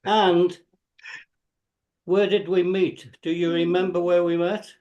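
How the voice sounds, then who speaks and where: A jovial man with a Scouse accent raises toasts over a video call. His voice sits a little high for a man. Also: little pitch movement, moderate pace, warm tone, dull audio. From Liverpool, England. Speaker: participant.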